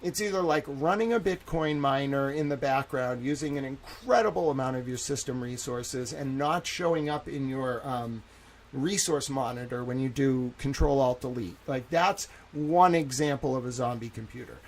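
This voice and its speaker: A young man hosting a livestream, talking casually and at length, filling his talk with "like" and swinging between loud indignation and quiet asides. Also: mid-range voice, normal speed, a little hiss or hum, rough recording. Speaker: livestream host.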